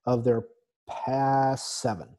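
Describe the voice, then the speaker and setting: Guy hosting a soccer podcast, mellow low-key voice, lots of uhs as he reads scores. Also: fairly even intonation, slow pace. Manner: reads scores with many fillers, dry sarcasm. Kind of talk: casual sports talk.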